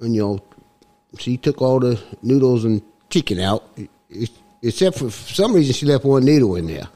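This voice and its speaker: A man's voice: mid-range voice, animated, normal speed, dark tone, lightly acted. A man putting on a Cockney accent while telling a rambling tall tale with chuckles in a garage. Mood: joking.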